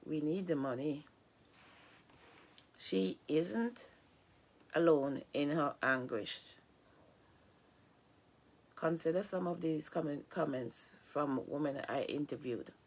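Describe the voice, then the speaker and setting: A woman vlogger reading a book aloud in a tired, low-key way, halting and restarting words. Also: expressive.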